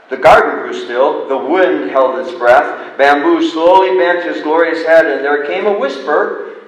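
Man preaching, slow deliberate delivery, booming church echo, mic at a distance. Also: fairly even intonation. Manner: dramatic, shifts between loud and soft. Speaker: pastor. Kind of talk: sermon with storytelling. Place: church sanctuary. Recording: echoey hall, distant mic.

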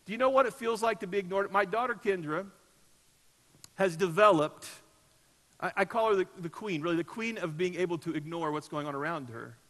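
A middle-aged man preaching a sermon as pastor of a church, telling stories and swinging from loud emphasis to soft, low asides. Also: brisk. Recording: echoey church hall.

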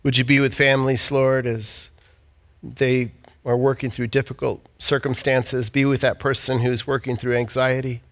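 A man's voice: mid-range voice, flat delivery, normal speed. A man leading a heartfelt sermon and prayer in church, speaking earnestly and repeating phrases. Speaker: pastor.

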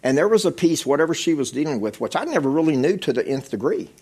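Husky middle-aged man preaching a testimony. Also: on the high side, very animated, quick pace, a little mellow. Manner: conversational storytelling, repeats phrases. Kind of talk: testimony sermon.

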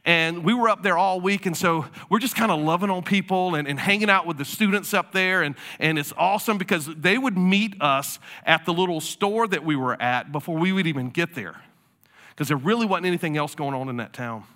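A man preaching a sermon, originally from South Carolina, telling stories in a relaxed conversational way with casual asides. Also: a little high, a little fast. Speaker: pastor.

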